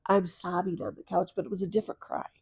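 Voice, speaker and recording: A middle-aged woman, a podcast guest, telling a personal story of loss, tearful and earnest, moving from soft hushed lines to louder bursts. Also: on the low side, level tone, quick pace, slightly rough, dry recording, clean studio sound.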